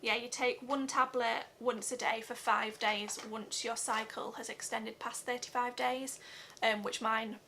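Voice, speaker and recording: A young woman records a heartfelt vlog update. Her voice is bright and lifted a little above the usual range for a woman. She speaks earnestly, pausing often and filling the gaps with soft ums. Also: on the high side, steady tone, a little hiss or hum. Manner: earnest, halting, many fillers. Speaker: vlogger.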